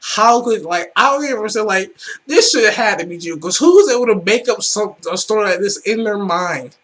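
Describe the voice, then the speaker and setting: A man hosting a reaction video, excitable and profane, rambling with lots of fillers. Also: sits high, brisk. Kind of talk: casual reaction commentary.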